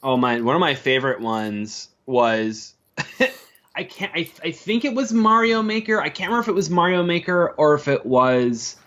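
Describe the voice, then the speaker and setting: A man as a podcast guest, telling lively stories in casual chat and often laughing. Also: fairly high pitch, moderate pace. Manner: animated, laughs often, acts out quoted coworkers. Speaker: podcast guest, former video editor.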